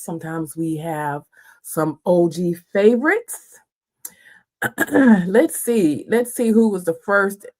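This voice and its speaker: A woman's voice: mid-range voice, darkish tone. A friendly woman hosts a live stream and greets her viewers one by one. She talks in a loose, folksy way and calls people girl and honey. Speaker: livestream host.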